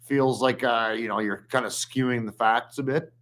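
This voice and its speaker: A man in the middle of the pitch range, ribbing his co-host and cursing casually as he runs a loose live podcast. His talk is jokey and relaxed. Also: normal speed. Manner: teasing, profane, joking. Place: at home with a dog.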